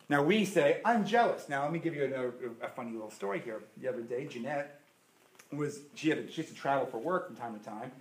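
A man preaching a sermon as a pastor, emphatic, with dramatic pauses and swings between loud and soft. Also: mid-range voice, animated. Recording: echoey room.

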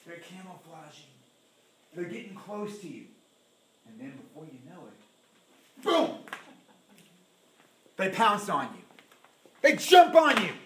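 A man preaching a sermon in a church, animated and dramatic, acting out the voices he quotes. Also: fairly high pitch, slow, pauses often, a little hiss or hum.

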